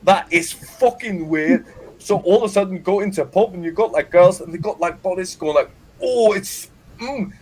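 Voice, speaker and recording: A man's voice: high voice, brisk, a little mellow, breathy edge. A man with a picked-up Scottish accent, telling rowdy, profane stories in a casual livestream chat. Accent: Scottish-tinged. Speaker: podcast guest.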